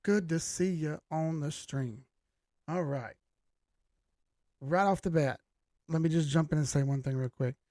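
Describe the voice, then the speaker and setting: A man's voice: a little high, measured pace, pauses often, a little mellow, dry recording, clean studio sound. A middle-aged man, hosting a live stream in casual chat, greeting viewers by name with a laid-back manner and the occasional swear. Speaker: livestream host.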